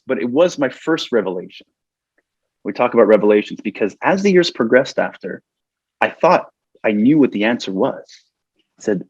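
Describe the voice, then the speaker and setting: A man's voice: medium pitch, slightly rough, no echo, highs cut off. A man guest on a podcast telling a personal story earnestly, acting out his own past thoughts and getting emotional as he talks. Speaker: podcast guest, corporate trainer.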